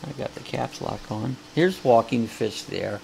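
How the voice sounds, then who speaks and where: Folksy gravelly-voiced man hosting a chat. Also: mid-range voice, a little slow, darkish tone, a little hiss or hum. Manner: rambling, folksy, full of fillers and restarts. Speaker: host of a live coffee chat show. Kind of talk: casual live-stream chat.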